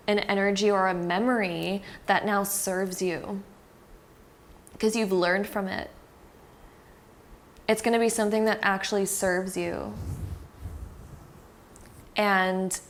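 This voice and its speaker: A woman reads tarot cards for her viewers in a chatty, reassuring way, often pausing on fillers as she goes. Her voice sits at a middling pitch. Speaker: tarot card reader. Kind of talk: casual tarot reading to camera.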